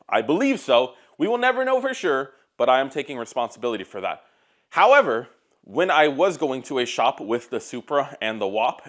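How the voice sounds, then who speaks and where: A man with a mid-pitched voice rants casually to camera about car work. He talks bluntly and swears often, with an exasperated storytelling manner. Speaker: car YouTuber.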